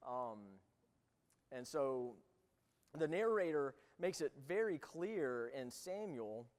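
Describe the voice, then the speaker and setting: A man teaching a church Bible lesson, reading scripture aloud and then explaining it in loose, halting asides. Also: fairly high pitch, animated, big-room sound. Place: church room.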